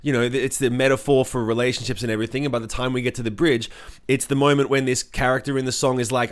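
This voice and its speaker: Profane rock singer telling stories. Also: male voice, mid-range voice, quick pace. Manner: profane, animated storyteller acting out quotes. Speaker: podcast co-host, rock singer. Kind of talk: casual storytelling chat.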